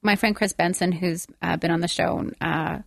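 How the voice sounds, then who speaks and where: A woman's voice: on the low side, fairly even intonation, moderate pace, vocal fry, no room sound, studio quality. A woman co-hosting a casual podcast chat, telling stories with lots of fillers and feeling. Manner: chatty, emotional storytelling, many fillers. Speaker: podcast co-host.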